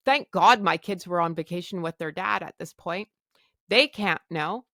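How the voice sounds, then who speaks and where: A woman's voice: fairly low pitch, moderate pace, a bit bright, dry recording, clean studio sound. A middle-aged woman hosting a podcast, telling a personal story candidly and emotionally, swearing freely and acting out her own thoughts. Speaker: podcast host.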